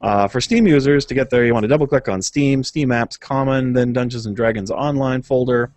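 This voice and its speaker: A man's voice: medium pitch, brisk, a little mellow, dry recording. Man reading patch notes, dry sound. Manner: reads notes aloud with many filler uhs and chuckles. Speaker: podcast co-host.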